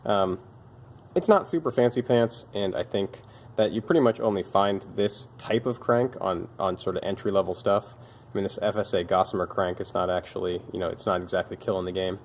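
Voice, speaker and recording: Old bike parts are the subject as a young bike shop mechanic and video host talks a little fast in a low voice. It's casual show-and-tell, delivered wearily with dry, self-mocking humor, and there's slight background noise.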